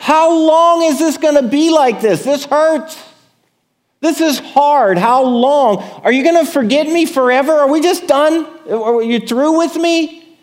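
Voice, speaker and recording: A man's voice: high-pitched, expressive, unhurried, few pauses, darkish tone, pitched above the performer's own voice. A man voicing an anguished psalmist who cries out to God in raised, strained pleas. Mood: desperate pleading. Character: desperate pleading male psalmist crying out to God.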